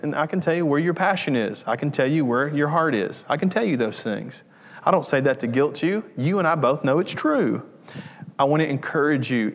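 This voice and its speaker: A man's voice: medium pitch, in a large hall. A male pastor preaching a sermon with earnest, repetitive emphasis and joking asides. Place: church sanctuary.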